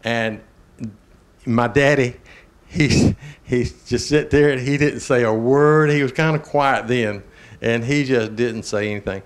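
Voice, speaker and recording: Host: older man from Georgia, plain mid-pitched voice, animated folksy storytelling. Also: measured pace. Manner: animated, chuckling, drawling Southern speech. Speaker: talk show host.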